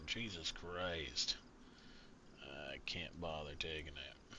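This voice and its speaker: A man's voice: a bass voice, noisy background. A man streaming a survival role-play game, chatting casually and rambling with plenty of swearing and fillers. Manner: rambling and profane, many fillers and restarts. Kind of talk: casual gameplay commentary.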